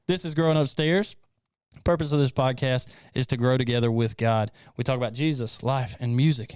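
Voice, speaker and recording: A man's voice: medium pitch, darkish tone, clear, resonant tone, no room sound, studio quality. A man hosting a casual podcast, upbeat and joking, laughing often. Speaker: host.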